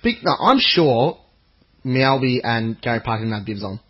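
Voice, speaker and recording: A man's voice: medium pitch, big pitch swings, normal speed, husky. A man co-hosting a football podcast in casual chat, laid-back and joking, on dull lo-fi audio. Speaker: podcast co-host.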